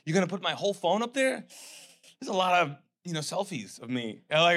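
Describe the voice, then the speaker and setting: Animated pastor from Pakistan. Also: male voice, on the high side, fast. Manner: animated storytelling that turns quiet and earnest. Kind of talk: sermon.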